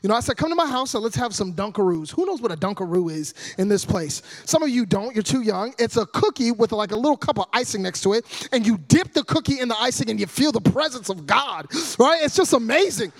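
A man in his thirties giving a humorous sermon as a guest preacher, loud and animated, joking with the congregation. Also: extremely high pitch, fairly quick, few pauses.

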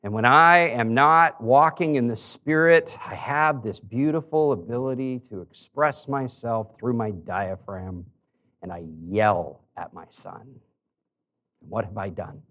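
A middle-aged man preaching a sermon as a pastor, telling a personal story with shifts between quiet confession and raised emphasis. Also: medium pitch, unhurried.

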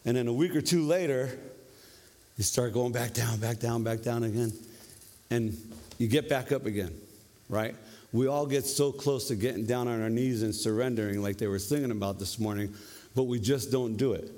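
A male preacher giving a lively, conversational sermon, often tagging his points with questions. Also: mid-range voice, moderate pace. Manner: conversational, animated, tag questions. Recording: long reverb of a hall.

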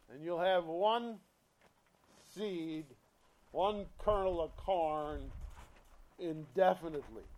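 A man preaching a sermon, reading scripture emphatically and swinging between hushed, quiet lines and loud, stirring ones. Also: high voice. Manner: slow, deliberate delivery with emphatic scripture reading.

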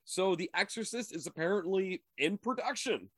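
A man's voice: high-pitched, lively intonation, moderate pace, no echo. A man co-hosting a podcast in casual chat, rambling and crude, stumbling over names, on a video call. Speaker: podcast co-host.

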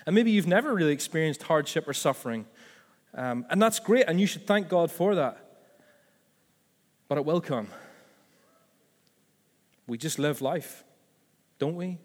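A man's voice: a little high, lively intonation, a little slow, pauses often, big-room sound. A man preaching a sermon as pastor, conversational and full of asides and self-corrections.

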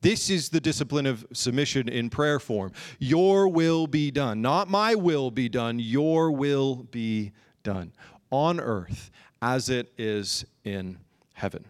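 A man preaching a sermon in an earnest way, slowing down and drawing out key phrases for emphasis. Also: medium pitch, animated. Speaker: pastor.

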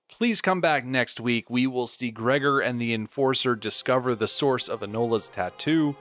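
A man's voice: medium pitch, a bit bright. A man with a Boston accent hosting a podcast, chatting casually and laughing easily. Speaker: podcast host. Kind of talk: casual chat.

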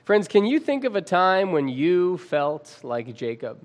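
Slow-speaking male preacher. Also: high-pitched, big pitch swings. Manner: addresses listeners as friends; reads scripture aloud with dramatic pauses. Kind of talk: sermon.

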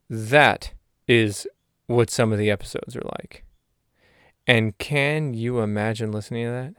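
A man hosting his podcast in a rambling, self-mocking comedic monologue with deadpan asides. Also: medium pitch, unhurried, clear, resonant tone, no room sound, studio quality. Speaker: podcast host.

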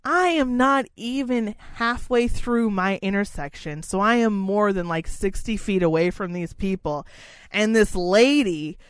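A woman co-hosting a podcast, telling a rant-style story with lots of swearing and excited outbursts, close to a studio mic. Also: medium pitch, measured pace, clean tone, no echo. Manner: profane, animated, gets loud and excited. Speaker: podcast co-host. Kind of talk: casual storytelling chat.

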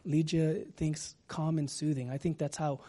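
A man preaching a sermon as pastor, talking gently and sometimes dropping to a whisper. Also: fairly high pitch, flat delivery. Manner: slow, gentle, drops to a whisper at times.

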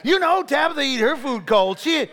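A middle-aged male preacher telling funny stories in a sermon, animated and laughing, acting out the voices of others. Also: very high voice, moderate pace, some chatter behind. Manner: animated, laughing, acts out quotes. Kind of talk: humorous sermon storytelling.

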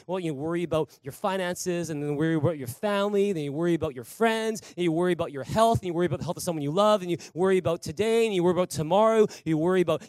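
A man's voice: high-pitched, dry recording. A male pastor preaching at a church service, emphatic, calling out to the congregation for applause and responses. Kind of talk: sermon.

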